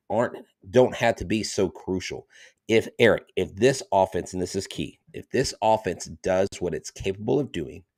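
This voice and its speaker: A man co-hosting a baseball podcast, talking in an emphatic, animated way. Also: sits low, no room sound, clean studio sound. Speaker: podcast co-host. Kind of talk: casual sports chat.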